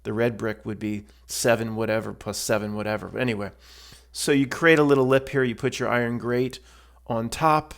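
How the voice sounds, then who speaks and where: A man's voice: mid-range voice, fairly even intonation, brisk, vocal fry. A man giving casual, blunt voice-over commentary on a stove build video, rambling with many restarts and fillers.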